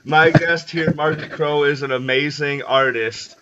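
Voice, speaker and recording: A man's voice: on the high side, steady tone, a little slow, noisy background. A young American man hosting a casual podcast chat, laughing often and restarting his sentences. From United States. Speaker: podcast host. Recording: dull lo-fi audio.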